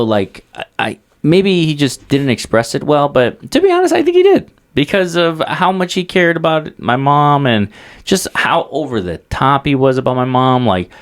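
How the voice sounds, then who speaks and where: Animated, swearing man in his twenties. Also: mid-range voice. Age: 20s. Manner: animated, profane storytelling. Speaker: podcast co-host. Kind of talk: casual chat.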